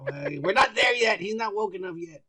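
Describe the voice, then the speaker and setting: Loud, crude high-voiced male co-host. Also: expressive, brisk, breathy edge. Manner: loud, crude, laughing, shouty. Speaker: podcast co-host. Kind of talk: casual chat, reading comments.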